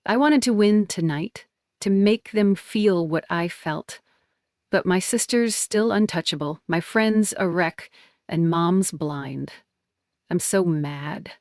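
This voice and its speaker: A woman's voice: on the low side, slow pace, a little mellow, dry recording, studio quality. A woman in her twenties narrating an emotional first-person family story. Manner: emotional, intense.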